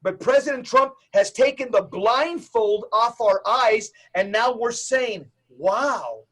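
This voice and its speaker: A man who is a Catholic evangelist, a guest on a podcast interview, talking in an emphatic, preacher-like, rapid-fire way. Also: very high-pitched, a bit bright.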